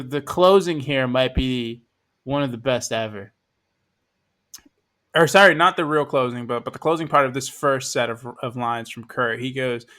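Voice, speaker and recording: A man co-hosting a casual podcast, enthusiastic and swearing, quick with jokes. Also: medium pitch, fairly bright tone. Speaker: podcast co-host.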